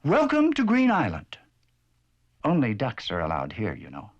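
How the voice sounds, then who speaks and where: Huffy, stern male duck, played by a man for a vintage cartoon; husky and cross. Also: mid-range voice, huge pitch swings, moderate pace, highs cut off.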